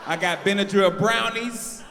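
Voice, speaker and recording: A man from North Carolina doing a stand-up comedy set, telling stories loudly and teasing the crowd. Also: sits high, measured pace. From North Carolina, USA. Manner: loud, animated storytelling, talking to the crowd. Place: stage of a live comedy show. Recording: echoey venue with long reverb.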